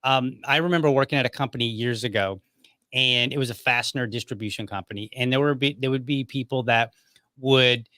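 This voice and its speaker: A man hosting a podcast, talking in a relaxed, chatty way and leaning on filler phrases. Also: medium pitch, a little fast, no room sound, studio quality. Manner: relaxed, chatty, many "you know" fillers. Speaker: podcast host. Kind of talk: casual conversation.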